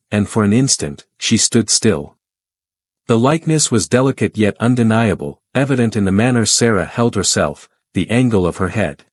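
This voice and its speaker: Male storyteller, low register, measured delivery, dry close recording. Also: no echo. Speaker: narrator. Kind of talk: scripted story narration.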